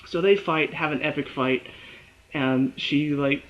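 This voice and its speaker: A man with a fairly high voice talks through a TV episode on his own, lively and quick to act out what the characters say. The recording is dull and lo-fi. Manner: animated, acts out characters' lines and his own reactions. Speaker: TV show reviewer. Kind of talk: casual solo review.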